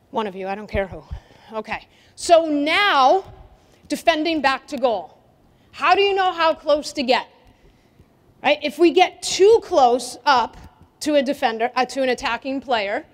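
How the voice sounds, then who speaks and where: A woman soccer coach runs a defending drill at a coaching clinic demonstration, shouting instructions and questioning her players in a high, energetic voice. Her pace is normal but broken by long pauses, and an indoor gym's long reverb rings through the sound.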